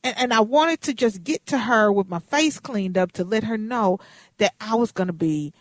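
A woman in her fifties, a radio host, telling a story in a lively, dramatic, playful way. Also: medium pitch, normal speed, no room sound. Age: 50s.

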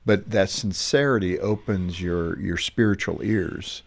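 A man's voice: low-pitched, measured pace, gravelly. A man hosting a faith interview, asking long, probing questions and thinking aloud. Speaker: radio show host.

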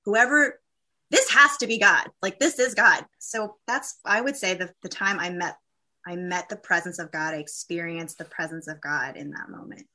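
Bright-voiced woman telling a heartfelt story. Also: on the low side. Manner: candid, halting, many fillers and restarts. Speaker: guest. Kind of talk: personal testimony in a conversation.

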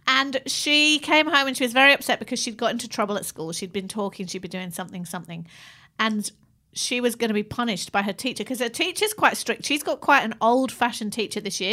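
A woman's voice: a little high, bright, forceful tone. A middle-aged woman with an Australian accent, chatting casually as a co-host and telling a long story, laughing often. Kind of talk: casual chat.

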